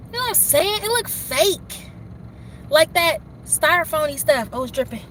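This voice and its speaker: A young woman chatting excitedly and rambling on a phone livestream, standing outdoors in the snow by her car and talking straight to her viewers. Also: high voice, brisk, noisy background. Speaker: livestream host. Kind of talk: casual livestream chat.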